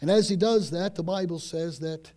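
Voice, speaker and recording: A man preaching a sermon, retelling a story with dramatic swings from loud to hushed and frequent repeated words. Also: a little high, normal speed.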